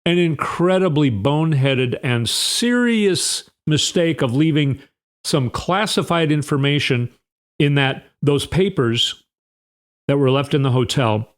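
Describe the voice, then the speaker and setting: A male podcast host talks through the news in a loose, rambling way. He is sarcastic and opinionated, with plenty of restarts. His voice sits in a middle register. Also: medium pitch. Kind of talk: casual political commentary.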